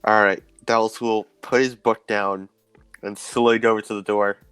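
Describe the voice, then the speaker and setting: A man at a tabletop game, describing his character's moves in a measured, even tone. His voice sits low, and he reassures the others when they struggle. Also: clear, resonant tone, no room sound, faint music behind. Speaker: player. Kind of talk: casual game chat.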